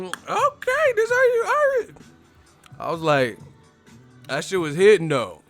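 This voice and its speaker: A man hosting a boxing live stream in casual chat, animated, swearing freely and laughing a lot. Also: mid-range voice.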